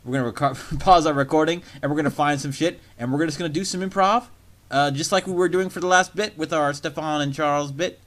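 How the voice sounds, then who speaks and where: A man's voice: a little high, quick pace, fairly bright tone. A man hosting a casual comedy podcast, rambling with stumbling restarts as he explains the show. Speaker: podcast host. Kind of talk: casual chat.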